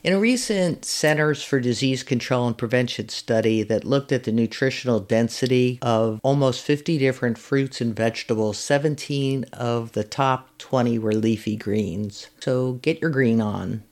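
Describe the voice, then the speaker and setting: A woman with a deep, bass voice and darkish tone reads at a moderate pace with few pauses. A volunteer master gardener, she delivers a scripted segment of friendly, instructive cooking directions, walking through recipe steps at an easy pace.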